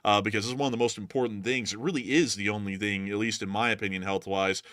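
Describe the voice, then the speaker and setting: A man's voice: fairly low pitch, fairly even intonation, quick pace, fairly bright tone, no room sound, studio quality. A man hosting a live stream in casual chat, jokey and upbeat, reading out viewer messages. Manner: jokey, upbeat, filler-heavy. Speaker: live stream host reading super chats.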